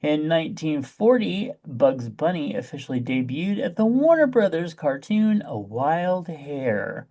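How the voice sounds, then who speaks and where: A man's voice: fairly high pitch, sing-song, measured pace, hardly any pauses, warm tone. Man, podcast host, casual chat, chatty and a little campy.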